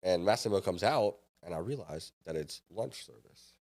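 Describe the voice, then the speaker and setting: A man, a former chef now a startup founder, guest on a podcast, telling an animated anecdote and acting out the lines of the people in it. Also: deep voice, normal speed. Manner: lively anecdote-telling, acts out others' lines. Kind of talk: animated storytelling.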